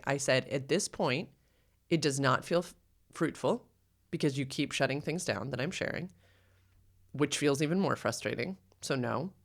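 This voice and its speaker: A woman with a low, gravelly voice co-hosts a podcast in casual, heartfelt conversation. She talks earnestly and reflectively. She often acts out her own quoted thoughts. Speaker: podcast co-host.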